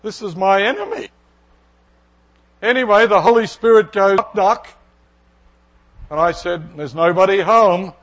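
A middle-aged man preaching a sermon from the pulpit. His voice sits a bit high for a man, and he tells a personal story with animation, acting out the conversation in it. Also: expressive, moderate pace, a bit bright, a little hiss or hum. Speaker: pastor.

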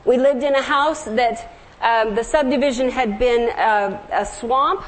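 Woman, middle-aged, from the American South, sermon, gentle storytelling, slightly high voice. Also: unhurried, low-quality recording. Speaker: preacher.

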